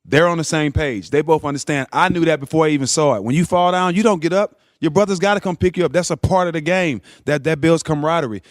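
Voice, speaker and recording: A former basketball player is a guest in the studio. He talks fast and earnestly, in a fairly high voice for a man, as he breaks down team play. The mic sounds close and dry. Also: no room sound. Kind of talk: casual sports talk.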